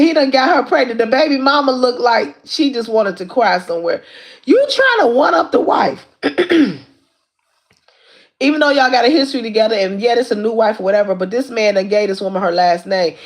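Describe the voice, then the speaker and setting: A woman hosting a casual livestream, retelling a story in an animated, repetitive way with lots of asides to her viewers. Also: high voice. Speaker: livestream host. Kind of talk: casual recap of a reality show.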